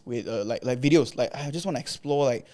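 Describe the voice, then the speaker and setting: A man's voice: medium pitch, fast. A young man from Malaysia, a podcast guest, casually telling a long story with lots of fillers and acted-out quotes. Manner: animated, filler-heavy retelling with acted quotes. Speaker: podcast guest, content creator.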